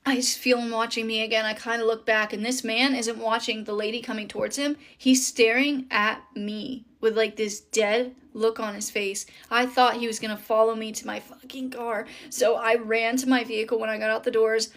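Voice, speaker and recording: A woman with a fairly high voice tells a personal story in a casual storytime monologue. She is indignant and swears freely as she talks. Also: flat delivery, moderate pace, hardly any pauses, a bit bright.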